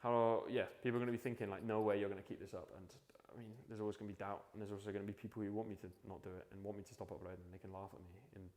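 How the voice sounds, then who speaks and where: A man's voice: fairly low pitch, steady tone, racing, few pauses, a little mellow. A young man talking to the camera in a casual motivational monologue at home at night, rambling, swearing freely and restarting his sentences. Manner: drops to mumbling while searching for a quote. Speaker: vlogger. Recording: echoey room with long reverb.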